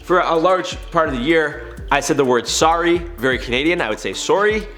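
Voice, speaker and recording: A man's voice: fairly high pitch, expressive, normal speed, a bit bright, faint music behind. A man hosting a casual online news commentary show, chatty and opinionated as he talks through the story. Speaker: YouTube news commentary host.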